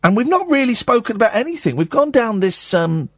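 A man's voice: extremely high pitch, very animated, a little fast, no room sound, clean studio sound. Rambling, jokey radio host man. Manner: rambling, jokey, self-deprecating. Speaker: late-night radio host. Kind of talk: late-night talk radio chat. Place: radio studio. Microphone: studio microphone.

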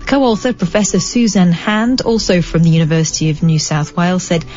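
A woman's voice: fairly low pitch, steady tone, a little fast, darkish tone, muffled recording, soft background music. A woman hosting late-night talk radio, reading news with chatty, wry asides and mock-dramatic emphasis. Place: radio studio. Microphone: studio microphone.

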